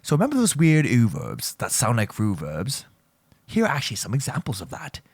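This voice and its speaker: Brisk and slightly rough, with huge pitch swings at a medium pitch and no echo, the Japanese teacher jokes his way through a laid-back lesson. He teases his students and keeps repeating and self-correcting as he goes.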